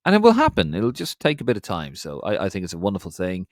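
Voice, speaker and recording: An Irish man with a low voice that leaps up and down in pitch as he chats, picking up listener comments one after another. His delivery is bouncy and excitable, recorded dry and close, with no room sound. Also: fast, no echo. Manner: animated, jumps in pitch, reads out listener comments. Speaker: podcast co-host. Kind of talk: casual football podcast chat.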